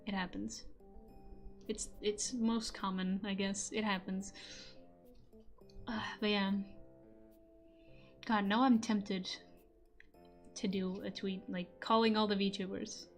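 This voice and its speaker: This young European streamer and voice actor talks slowly and pauses often, her accented, medium-pitched voice staying level over faint music. Chatting casually with her audience from a home room into a desk-stand mic, she laughs frequently and sometimes swears.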